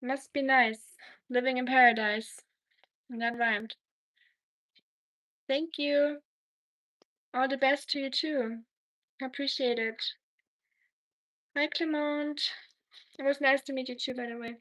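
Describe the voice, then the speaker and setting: Slow-talking high-voiced woman streamer. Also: rough recording. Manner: greets chat viewers by name, chatty and relaxed. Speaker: livestream host. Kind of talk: casual live chat.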